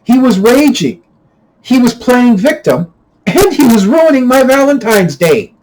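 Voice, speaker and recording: A man telling a personal story in a rambling, casual way, stumbling and repeating words, getting louder and more heated at the tense parts. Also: big pitch swings, a little slow, poor audio. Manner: grows louder and higher when retelling heated moments. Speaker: channel host.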